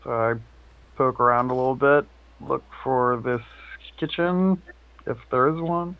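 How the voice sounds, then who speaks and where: A man's voice: mid-range voice, steady tone, a little slow, gravelly, clean tone, no room sound. A man playing a tabletop game, sheepish and apologetic, laughing at himself. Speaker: player. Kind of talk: casual tabletop play. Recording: dry tinny phone-like line.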